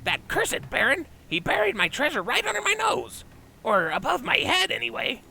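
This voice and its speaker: A greedy goblin smuggler boss snaps and wheedles in a piercing, glassy voice full of rasp and gravel. He lurches wildly up and down in pitch. Soft game music plays behind. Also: wildly swooping pitch, moderate pace, a little hiss or hum, heavily acted, low-quality recording. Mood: scheming. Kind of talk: game voice-over dubbing.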